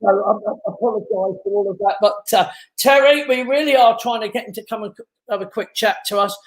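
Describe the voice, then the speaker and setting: A man's voice: high voice, brisk. A man hosting a casual live stream from his home, chatting, laughing and reading out viewers' names and greetings. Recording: echoey room.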